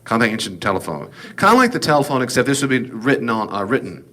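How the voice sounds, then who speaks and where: A man's voice: mid-range voice, sing-song, fast, sharp tone. A man giving a casual, folksy Bible class lecture, with jokes and asides. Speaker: Bible teacher.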